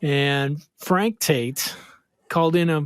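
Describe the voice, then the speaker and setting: Casting: male podcast co-host, somewhat high voice, rambling playful storyteller, dry close sound. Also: takes it slowly, clear, resonant tone, no room sound. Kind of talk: casual podcast chat.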